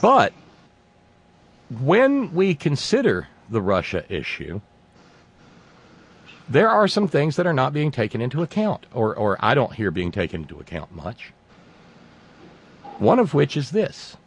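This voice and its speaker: A man hosting a political talk show, speaking in a halting, sarcastic way with many restarts. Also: mid-range voice, huge pitch swings, husky. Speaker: talk radio host.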